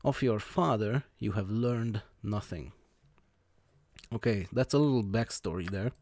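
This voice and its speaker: Hesitant, mellow-voiced man narrating gameplay. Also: fairly low pitch, no echo. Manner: hesitant, halting with many uh fillers and restarts; plain reading without character voices. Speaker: let's play host. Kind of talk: gameplay commentary, reading game text aloud.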